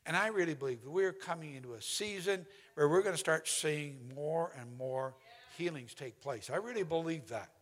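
A man preaching a sermon as pastor, impassioned and emphatic, often dropping to a hushed, quiet delivery. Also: a little high. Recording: long hall reverb.

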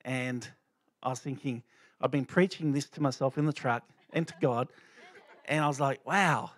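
A man's voice: medium pitch, fairly even intonation, moderate pace, no room sound. A middle-aged man giving an informal church testimony, talking loosely with many fillers and restarts. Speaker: lay speaker sharing a testimony.

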